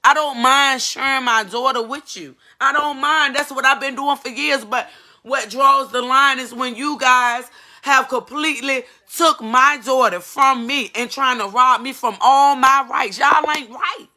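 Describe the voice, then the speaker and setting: A woman's voice: high-pitched, fairly even intonation, unhurried, pushed and bright. A woman giving an emotional personal testimony as a mother, earnest and pleading, repeating phrases for emphasis.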